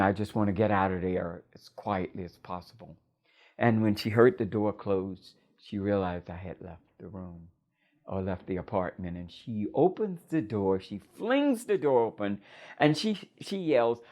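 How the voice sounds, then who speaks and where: An older woman recounting a personal story in a measured, reflective way. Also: a bass voice, dark tone.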